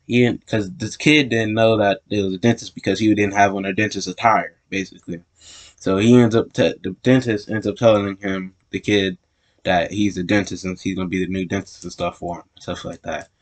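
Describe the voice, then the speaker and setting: A man's voice: fairly low pitch, steady tone, fairly quick. A man casually telling a story in a rambling way, often correcting himself mid-sentence. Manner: rambling, self-correcting retelling.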